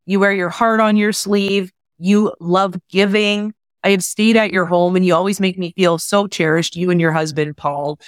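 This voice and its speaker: A woman's voice: lowish voice, fairly even intonation, moderate pace, few pauses, no echo, clean studio sound. A woman hosting a podcast, a little teary, who introduces her guest with gushing praise. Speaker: podcast host.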